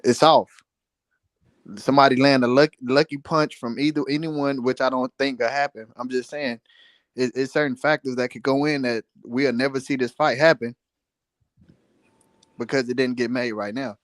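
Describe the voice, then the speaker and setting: A man's voice: mid-range voice, fairly even intonation, normal speed, no room sound. A man in a casual boxing chat, talking loosely with lots of slang. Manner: loose, slangy, repeats "bro". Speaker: boxing podcast co-host.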